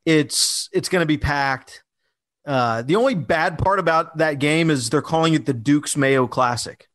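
A man with a fairly high, fairly bright voice co-hosts a podcast, speaking a little slowly. The chat is casual and loose, full of fillers and restarts.

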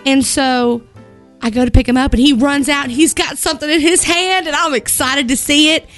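A woman radio morning show host telling a story and reading announcements in an expressive, laughing way, her voice rising when she gets excited. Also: high-pitched, normal speed, soft background music. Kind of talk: chatty on-air storytelling and announcements.

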